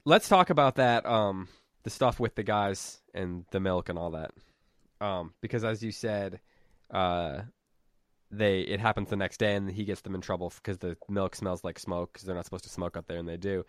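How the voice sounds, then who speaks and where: Low-voiced male teacher leading discussion. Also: normal speed, no room sound, clean studio sound. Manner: thinking aloud, with fillers. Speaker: literature teacher.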